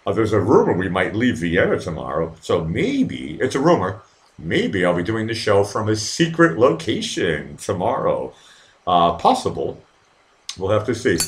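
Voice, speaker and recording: This middle-aged man runs a live stream, chatting loosely with viewers while stammering, repeating words, and swearing casually. His voice sits on the low side with huge swings in pitch, and he talks at a moderate pace.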